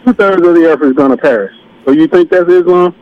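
A man's voice: on the high side, a little fast, crowd noise. A man calling in to a radio show, asking hesitant, rambling questions. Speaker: caller. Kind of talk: call-in question. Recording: dull phone-in line.

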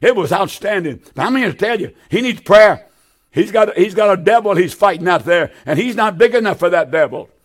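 A man's voice: high-pitched, expressive, fast, few pauses. A man preaching a televised sermon, pleading fervently with his listeners and repeating his appeals over and over. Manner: fervent, pleading, repetitive exhortation.

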